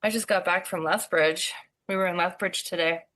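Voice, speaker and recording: A middle-aged woman co-hosting a podcast, talking about her family in a relaxed, unhurried way with a chuckle. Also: on the low side. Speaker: podcast co-host. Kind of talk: casual chat.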